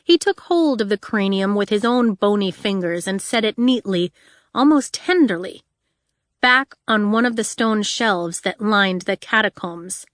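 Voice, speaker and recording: Reading an audiobook, a woman keeps her storytelling even and measured. The medium-pitched voice comes through a dry recording with clean studio sound.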